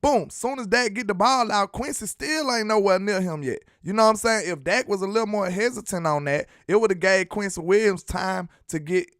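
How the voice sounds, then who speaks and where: Animated, slangy male fan-show host. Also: high voice, normal speed, few pauses, dry recording, clean studio sound. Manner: animated, slangy, talks to viewers as y'all. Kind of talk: casual fan commentary with clips.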